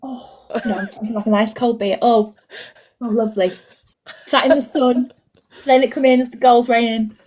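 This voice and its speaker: A woman's voice: a little high, fairly even intonation, normal speed, darkish tone, slight background noise. A British woman co-hosting a casual women's football podcast, playful and reading out listener comments. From Britain. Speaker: podcast co-host.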